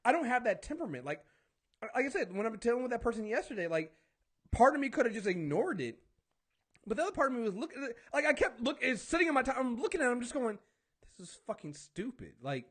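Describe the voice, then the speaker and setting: This podcast host's voice is very high-pitched, sing-song, fast, and a little bright. On his talk show he chats loosely, rants with lots of swearing, and acts out exchanges.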